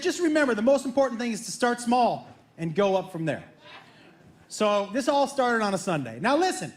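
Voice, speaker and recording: A man telling a comic family story with animated, laughing energy. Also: very high voice. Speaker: comedian. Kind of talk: storytelling stand-up comedy.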